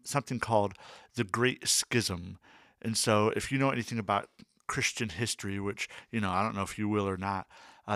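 Man co-host, casual educator, chatty and filler-heavy, forceful bright tone, dry close mic. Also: fairly low pitch, no room sound. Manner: loose and chatty, with many fillers and asides. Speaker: podcast co-host explaining music history.

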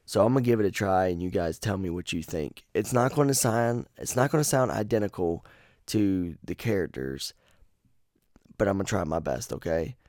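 Deep-voiced man ranting casually. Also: animated, moderate pace, darkish tone, dry recording, studio quality. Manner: rambling, profane and jokey. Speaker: podcast host. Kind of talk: casual chat about a horror game.

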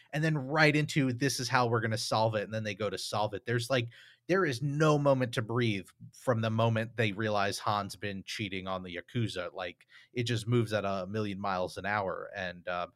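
A man's voice: fairly low pitch, fairly bright tone, no echo, studio quality. A man co-hosting a podcast, talking through a film in a casual, thoughtful, rambling way with many fillers. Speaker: podcast co-host.

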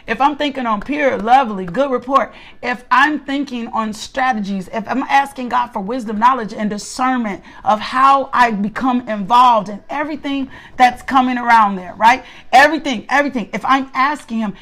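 A woman's voice: fairly high pitch, a bit bright. A middle-aged woman teaching a Bible study in a conversational sermon style, emphatic and repetitive, often asking listeners to respond.

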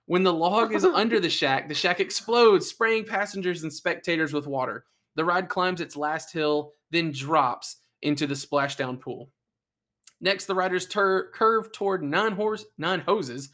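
Higher-voiced man reading, then joking. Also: measured pace, pushed and bright. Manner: reads ride facts then jokes and asides. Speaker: podcast co-host. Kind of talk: casual chat.

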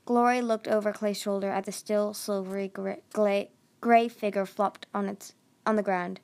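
A woman's voice: mid-range voice, fairly even intonation, moderate pace, darkish tone. A woman narrating a fantasy novel chapter aloud, often tripping over words and correcting herself. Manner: stumbling, self-correcting reading. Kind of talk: audiobook reading.

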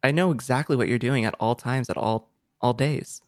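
A young man hosts a casual gaming podcast in a joking, playful way. His voice sits at a middle pitch. It comes through crisp and dry from a compressed streaming mic. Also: normal speed, no room sound. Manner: jokey, playful, tries out sound effects. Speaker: podcast host.

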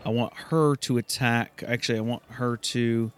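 A man casually narrating a fantasy game he is playing, excitable and swearing at setbacks. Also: medium pitch, moderate pace, smooth. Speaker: gamer. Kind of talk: let's play commentary.

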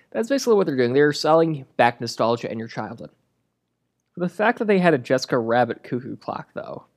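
Sarcastic ranting movie reviewer. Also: mid-range voice. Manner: sarcastic, crude, exasperated. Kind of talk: comedic movie rant.

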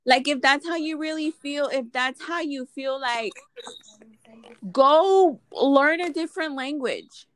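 A woman co-hosting a casual podcast, her voice sitting a little high. She talks bluntly and swears freely, and she gets loud when something riles her. The sound is dry and close. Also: slow, no echo. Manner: blunt, profane and animated, rising loud when riled. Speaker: podcast co-host. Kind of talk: casual chat.

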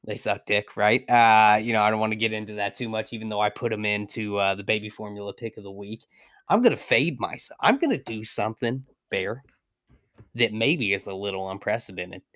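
A man's voice: on the low side, a little fast, a bit bright, no room sound, studio quality. A man co-hosting a podcast, rambling playfully and swearing about his football picks. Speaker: podcast co-host. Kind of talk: casual sports betting chat.

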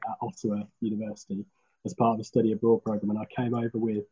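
A man with a Birmingham accent, a police officer chatting casually as a podcast guest over a video call, relaxed and full of restarts. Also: on the low side, fast, slightly rough. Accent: Birmingham (Brummie). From Birmingham, England. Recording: slightly dull video-call audio.

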